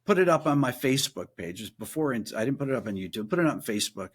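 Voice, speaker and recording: A man, a guest musician and producer, telling a story casually in a podcast interview and acting out quoted voices in a higher pitch. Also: big pitch swings, fast, breathy edge.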